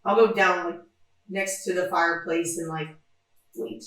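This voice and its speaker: Lower-voiced woman player, echoey room. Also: little pitch movement, a little slow, a bit bright. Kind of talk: casual tabletop play.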